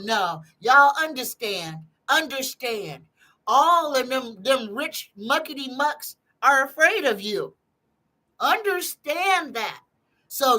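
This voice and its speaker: A woman's voice: a little high, sharp tone, rough recording. A woman hosting a live tarot stream, chatting casually in a folksy way and greeting her viewers one by one.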